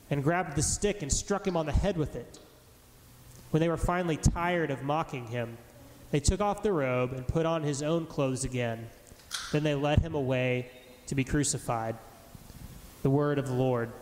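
A man giving a formal, measured reading of scripture aloud. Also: fairly high pitch, darkish tone. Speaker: scripture reader. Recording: echoey hall with faint noise.

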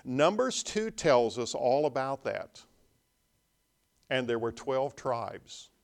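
A man's voice: medium pitch, very animated, slow. A man preaching a sermon at a conference. He reads scripture passages aloud, then walks through them, leaning hard on the key points as he explains. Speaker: pastor. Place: conference hall.

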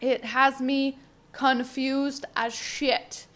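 A woman's voice: high-pitched, little pitch movement, extremely slow, a bit bright. A young woman talking candidly on her own podcast, rambling and swearing freely as she thinks aloud. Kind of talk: casual solo podcast monologue.

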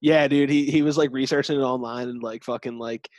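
A man's voice: mid-range voice, fairly even intonation, fairly quick, darkish tone, dry recording, muffled recording. A young man co-hosting a podcast, chatting in a laid-back, rambling way and laughing often. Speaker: podcast co-host. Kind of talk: casual chat.

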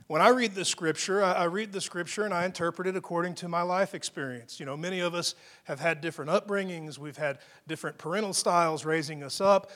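A man's voice: sits high, a bit bright. A male pastor giving a sermon in a conversational way, with frequent restarts and casual asides.

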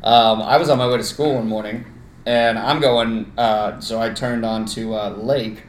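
A man's voice: on the low side, normal speed. Young man telling a story, echoey room. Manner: animated storyteller, swears freely, acts out quoted voices. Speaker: podcast co-host. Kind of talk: casual chat. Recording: echoey room with faint noise.

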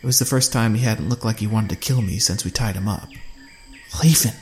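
A man narrating a first-person fantasy audiobook in a steady storytelling manner. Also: on the low side, quick pace, slight background noise.

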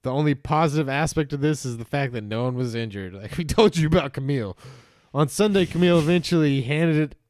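A man's voice: fairly high pitch, fairly quick, hardly any pauses, a little mellow, no room sound. A man co-hosting a casual comedy podcast, laughing often and swearing as he retells a news story and reads parts of it aloud. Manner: laughs often, profane, acts out quotes. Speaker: podcast co-host.

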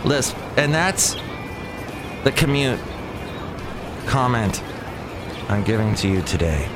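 A man hosting a solo podcast, rambling in an animated, exasperated way and going off on tangents. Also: medium pitch, slow, background noise. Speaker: podcast host. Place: outdoors by a cafe.

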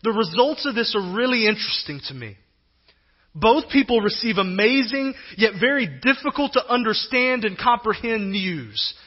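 A male pastor preaching a sermon in a conversational, animated way, acting out quoted voices now and then. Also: high-pitched, normal speed, slightly rough, lo-fi sound.

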